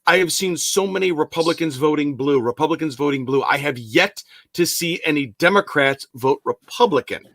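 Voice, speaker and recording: A man's voice: on the high side, normal speed, a bit bright, no room sound. Chatty man with a dry close sound. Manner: chatty, restarts his sentences. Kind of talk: live election-night chat.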